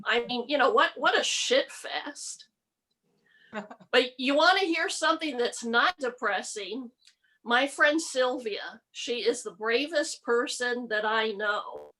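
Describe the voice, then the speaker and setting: A middle-aged woman doing a stand-up comedy set with a deadpan delivery. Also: fairly high pitch, low-quality recording. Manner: slow deadpan delivery with mocking put-on voices. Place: home, virtual comedy show.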